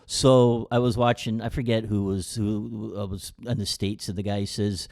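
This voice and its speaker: A man's voice: on the low side, fairly even intonation, moderate pace, vocal fry, few pauses, a little mellow. A man co-hosting a casual podcast with his father, asking questions, retelling jokes and reading a sponsor spot. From Canada. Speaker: podcast co-host, son of the main host. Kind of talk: casual chat with ad read.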